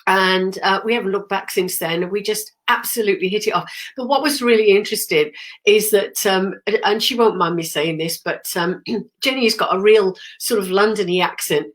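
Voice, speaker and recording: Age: middle-aged. Sex: woman. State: has a cold, clears her throat often. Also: mid-range voice, moderate pace. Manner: chatty and rambling, many ums and throat-clearing. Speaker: spiritual medium hosting a live stream. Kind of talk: casual live-stream chat.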